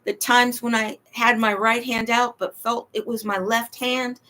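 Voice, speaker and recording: A woman's voice: fairly high pitch, flat delivery, a little slow, bright, forceful tone. A woman telling a long personal story in a rambling, emphatic way, acting out what people said to her. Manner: rambling, emphatic, acts out quoted dialogue.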